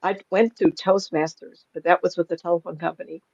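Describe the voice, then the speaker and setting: A woman's voice: on the low side, fairly even intonation, a little fast, darkish tone, dry recording, lo-fi sound. An older woman, a psychic medium, chatting casually in an interview, rambling through stories and laughing often.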